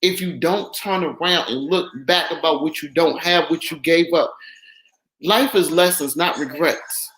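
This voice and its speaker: A woman's voice: low voice, unhurried. A woman guest on a casual livestream, emotional and effusive, overwhelmed by her own news. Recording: echoey room.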